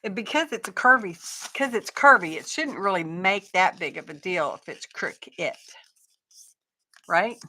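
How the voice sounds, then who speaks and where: Speaking a little slowly with a sharp tone at medium pitch, a woman crafts on a live stream as a faint hiss or hum sits under her voice. She talks casually to her viewers, teases herself, and narrates her process step by step.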